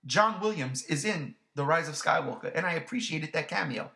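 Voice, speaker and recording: A man's voice: on the high side, animated, fairly quick, creaky, sharp tone. A man reviewing a movie in casual chat, ranting animatedly and swearing freely.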